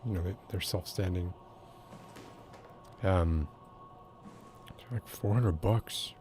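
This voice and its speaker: A soft-spoken man chatting casually and rambling while streaming a video game. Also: low voice, takes it slowly, a little hiss or hum. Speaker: game streamer and ASMR creator. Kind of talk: casual livestream chat while gaming.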